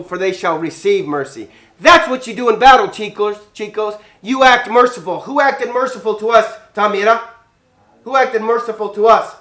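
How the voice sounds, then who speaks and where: A man teaching a children's Bible lesson as a priest, animated, acting out scenes and dropping Spanish words into his English while quizzing the kids. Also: high voice.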